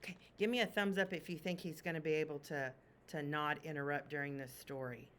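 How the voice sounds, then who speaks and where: A woman teacher reading a picture book aloud to children, expressive and asking them questions. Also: low voice, brisk, a little hiss or hum.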